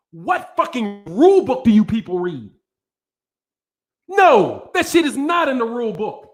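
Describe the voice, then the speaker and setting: A man hosting a boxing channel, ranting angrily to a live audience in heavy profanity and repeating himself. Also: very high-pitched. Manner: angry, profane, repetitive.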